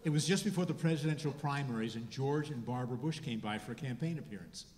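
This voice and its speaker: A man in his seventies delivers stand-up with a dry, deadpan touch and a mid-range voice. He is recorded live in a hall, so his voice rings with a long, roomy echo and faint noise underneath. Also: mid-range voice, fast talker. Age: 70s. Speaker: stand-up comedian and rabbi. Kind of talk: stand-up comedy set. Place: hall before a live audience.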